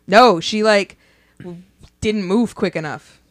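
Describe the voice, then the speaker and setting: A woman's voice: medium pitch, takes it slowly, no room sound, clean studio sound. A woman co-hosting a podcast, chatting casually, swearing and joking as she tells stories. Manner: profane, joking, animated storytelling. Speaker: podcast co-host. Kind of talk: casual chat.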